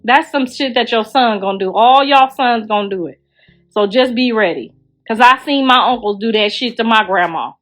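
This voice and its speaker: A woman's voice: a little high, moderate pace, a bit bright, soft background music. A middle-aged woman ranting bluntly and profanely on a phone livestream. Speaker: livestream host.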